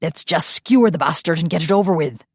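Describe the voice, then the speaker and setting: A woman voicing a gruff male vampire warrior, blunt and growling. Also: low voice, fast talker, dry recording, studio quality.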